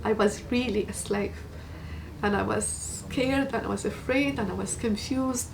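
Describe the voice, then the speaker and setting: A woman from Tunisia, giving a personal testimony in an earnest, halting way and repeating words for emphasis. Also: mid-range voice, gravelly, far from the mic, a little hiss or hum, poor audio. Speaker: guest giving a faith testimony.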